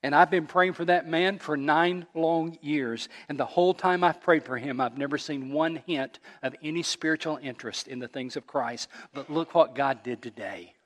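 A man's voice: moderate pace, hardly any pauses. Preacher in a reverberant sanctuary, man. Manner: storytelling preacher, climbing louder and higher at emotional peaks. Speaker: pastor. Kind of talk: sermon.

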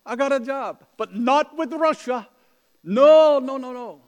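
A preacher putting on an urgent, overwrought Russian man. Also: measured pace. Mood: overjoyed. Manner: loud, high, pressing delivery. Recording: long hall reverb.

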